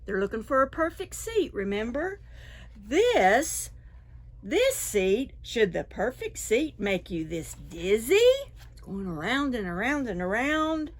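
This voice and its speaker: Animated woman reading a storybook to preschoolers. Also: a little high, takes it slowly. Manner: animated and expressive, with sound effects and asides to children. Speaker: children's librarian. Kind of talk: preschool storytime read-aloud. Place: library.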